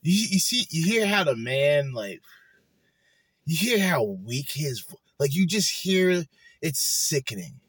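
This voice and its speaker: A man's voice: a little high, very animated, slow, fairly bright tone, breathy edge, no room sound. A man hosting a podcast, ranting bluntly and swearing a lot as he reacts to clips. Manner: blunt, profane, dismissive. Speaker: podcast host.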